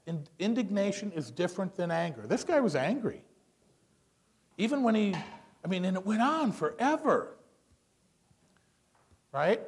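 A man teaching a class on public speaking, commenting on a video in a lively way and acting out quotes with dramatized voices. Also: on the high side. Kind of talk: classroom lecture analyzing a video.

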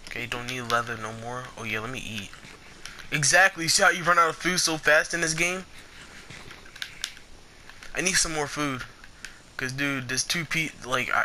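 Young male gamer, bright edgy voice, quick to curse, faint keyboard clatter behind. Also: mid-range voice, slight background noise. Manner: excitable, swears a lot, trash-talks opponents. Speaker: gameplay commentator. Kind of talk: casual gameplay commentary.

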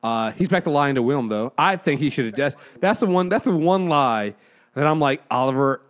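A man co-hosting a casual review podcast, slangy and animated, laughing often. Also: on the high side, moderate pace. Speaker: podcast co-host.

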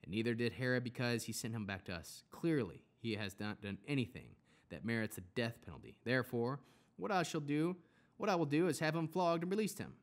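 A man voicing a weary male Roman governor, speaking in a low, level, deliberate way. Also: natural voice.

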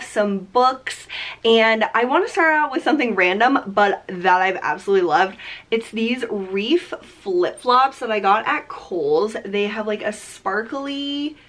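A woman's voice: a little high, a little slow, a bit bright. Young woman, nasal and stuffed up, chatty beauty vlogger who rambles with lots of fillers. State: congested from allergies. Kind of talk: casual chat.

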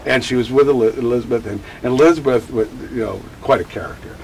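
A man who teaches about grief, answering interview questions in an animated, digressive way and acting out quotes. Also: mid-range voice, quick pace, creaky, a little hiss or hum, poor audio. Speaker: grief educator.

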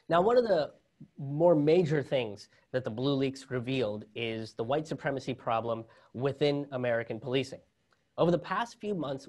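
A man's voice: fairly high pitch, a little mellow. A man doing a stand-up comedy set, sarcastic and laughing at his own jokes.

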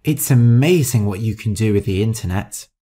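A man's voice: lowish voice, expressive, moderate pace, dark tone. A man voicing a naughty, sly young man lodger in a storybook reading. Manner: sly, wicked.

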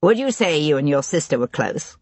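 An audiobook narrator voicing an aristocrat and former officer who speaks in a firm, measured way. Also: mid-range voice, big pitch swings, husky, dry recording. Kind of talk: audiobook character reading.

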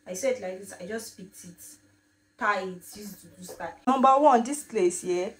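A young woman vlogging casually from her home kitchen into a phone, telling a story in an animated, repetitive way. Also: medium pitch, moderate pace, slight background noise. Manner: chatty, animated storytelling, repeats herself. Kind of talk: casual vlog chat. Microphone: phone camera. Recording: echoey room, mic at a distance.

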